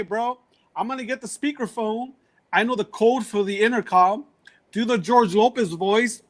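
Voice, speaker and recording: A man's voice: very high voice, fairly bright tone. A man on a comedy podcast telling a story in casual chat, full of slang and calling the others bro.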